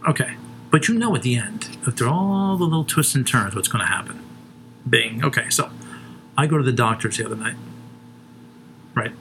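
A man's voice: mid-range voice, expressive, moderate pace, creaky, pauses often, sharp tone, a little hiss or hum. A man co-hosting a comedy show, rambling through crude stories with lots of swearing and laughing at his own jokes.

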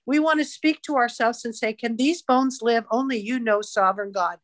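A woman's voice: fairly high pitch, moderate pace, dry recording. A woman evangelist, a podcast guest, leading a fervent, rhythmic spoken prayer. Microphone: podcast mic.

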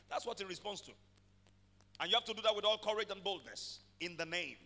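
A man preaching a sermon, swinging from quiet passages to shouted declarations and calling for amens. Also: sits high, fairly quick, in a large hall. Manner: calls for amens from the congregation. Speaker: pastor.

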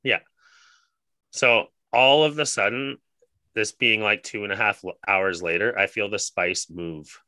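Bright, dry-voiced young man telling a story. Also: on the low side, measured pace, no room sound. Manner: rambling, profane, heavy use of "like". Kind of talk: casual storytelling chat.

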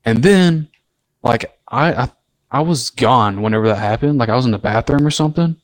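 Podcast co-host, male, mid-pitched, loose rambling storyteller, dry mic. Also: moderate pace, no echo. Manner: rambling, animated storytelling with filler words. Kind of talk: casual storytelling chat.

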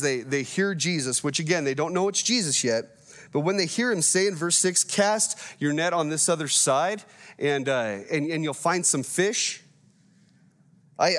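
A man's voice: a little high, a bit bright. A man in his thirties preaching a sermon in a conversational, playful way, telling the story with animation. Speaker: pastor.

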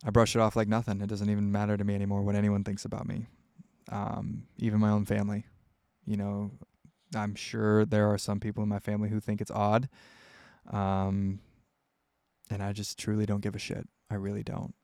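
Gravelly young man, candid podcast ramble. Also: fairly low pitch, completely flat delivery, brisk, darkish tone, no echo. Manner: candid, rambling, with frequent fillers. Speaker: podcast host answering listener questions. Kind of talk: casual solo podcast.

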